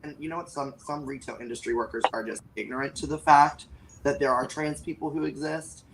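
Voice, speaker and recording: A man's voice: medium pitch, steady tone, a little fast, noisy background. A man speaking in a casual panel chat, impassioned and blunt, rallying for change.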